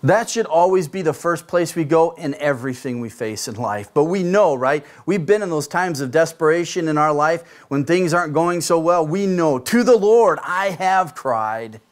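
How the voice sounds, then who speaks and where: A man's voice: fairly high pitch, moderate pace, hardly any pauses. A middle-aged man, a pastor, giving a conversational sermon and often asking his listeners rhetorical questions.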